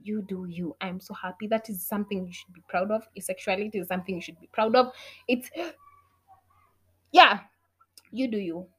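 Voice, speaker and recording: A young adult woman, ranting her opinions in casual talk. She swears freely, mixes in Swahili, and swings between loud outbursts and low muttered asides. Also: a little fast, long pauses, breathy edge. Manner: outspoken, swears a lot, switches between English and Swahili. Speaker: vlogger.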